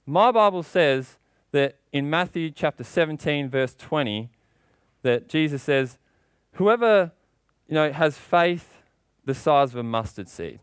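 A man's voice: lively intonation, measured pace, smooth, no echo. A man preaching a sermon with passion, asking rhetorical questions and getting worked up as he goes. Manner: impassioned, rising in pitch when worked up.

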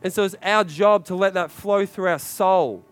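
A man preaching a sermon to a congregation, urging and repeating himself, building to shouted peaks. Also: sits high, moderate pace, clear, resonant tone, soft background music. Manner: urgent, repetitive exhortation with rising shouted climaxes.

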